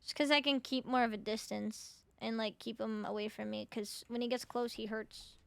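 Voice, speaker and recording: A woman's voice: a little high, fairly even intonation, normal speed, vocal fry, smooth, no room sound. A young woman streaming a video game, chatting casually with her viewers, swearing freely and sounding sleepy. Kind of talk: casual gameplay chat.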